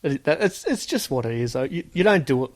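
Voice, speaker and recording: Fast and very animated, with a voice on the high side, a Sydney-born former cop shares casual stories on a podcast as a guest. He stays laid-back while acting out the lines of dialogue.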